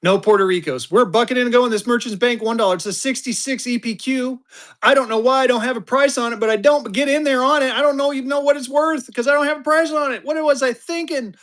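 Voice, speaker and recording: A man in his fifties running a live-stream auction, talking fast and joking through his patter. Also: extremely high pitch. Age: 50s. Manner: energetic, joking, drawling "y'all" asides.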